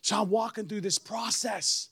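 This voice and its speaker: A middle-aged man, a pastor, telling a story in a sermon with lively swings and bursts of shouted praise. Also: high voice, normal speed, creaky, husky. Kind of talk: sermon testimony.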